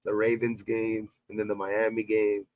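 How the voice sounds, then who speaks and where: A man's voice: on the low side, monotone, normal speed, a little mellow, no echo. A man on a sports podcast, telling loose, profane fan stories in casual chat, full of restarts. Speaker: podcast host.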